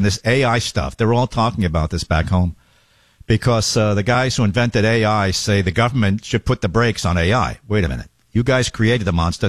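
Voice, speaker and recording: A man's voice: on the low side, dry recording, studio quality. A man hosting a talk show, riffing jokingly on the news with laughs. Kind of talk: comedic commentary.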